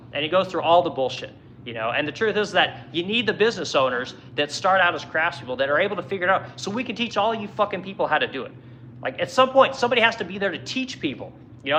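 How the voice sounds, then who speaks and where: A man's voice: on the high side, sharp tone, a little hiss or hum, low-quality recording. A man who owns a furniture business, ranting angrily and swearing constantly in a heated monologue. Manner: profane, angry, heated. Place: furniture workshop in Missouri.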